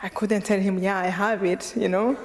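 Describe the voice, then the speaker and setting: A woman from Rwanda tells her story to a live audience as a guest speaker, laughing often and playing out both sides of a conversation. Her voice sits at a middle pitch and trails into the long reverb of a lecture hall. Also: moderate pace. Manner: lively, laughing often, acting out dialogue.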